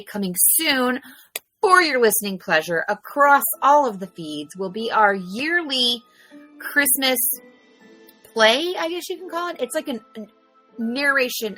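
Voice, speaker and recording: A chatty woman co-hosts a podcast, telling stories with lively energy and plenty of fillers. Her voice has a bright, forward edge. The sound is close and dry, with no room behind it. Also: medium pitch, no room sound. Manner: chatty, animated storytelling with many fillers. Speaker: podcast co-host. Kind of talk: casual chat.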